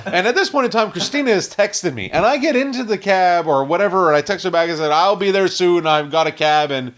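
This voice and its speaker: A man tells a long story to friends, swearing constantly and rambling through every detail. His voice sits a little high for a man, and he talks in a loose, animated way. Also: fairly quick. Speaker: podcast regular telling a story. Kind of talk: casual storytelling chat.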